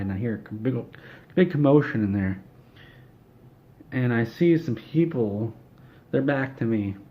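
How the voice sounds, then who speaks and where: Low-voiced man rambling through an absurd tale. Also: muffled recording. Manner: rambling, offhand, with fillers and restarts. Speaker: storyteller. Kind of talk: comedic absurd storytelling.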